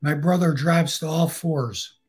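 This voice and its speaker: A man's voice: a little high, a little slow, husky. An older man tells a story bluntly and profanely, acting out the lines of the people in it. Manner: blunt, profane, acts out quoted dialogue. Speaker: guest storyteller. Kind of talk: casual storytelling on a live stream.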